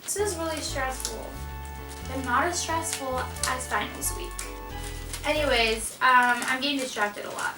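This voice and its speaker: Young woman, high voice, rambling self-mocking chatter, echoey room, off-mic, music behind. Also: measured pace, distant mic. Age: young adult. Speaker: vlogger. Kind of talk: casual chat while wrapping gifts. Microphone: camera mic.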